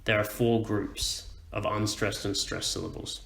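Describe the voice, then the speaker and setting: Male educator, low voice, slow clear explainer, echoey room. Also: fairly even intonation, a bit bright, slight background noise. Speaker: teacher.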